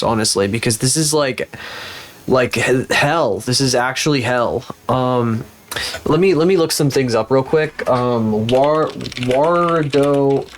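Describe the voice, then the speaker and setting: A man streaming live as a VTuber, rambling and cursing in frustration while still recovering from being sick. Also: medium pitch. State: recovering from illness. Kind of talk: casual live-stream chat.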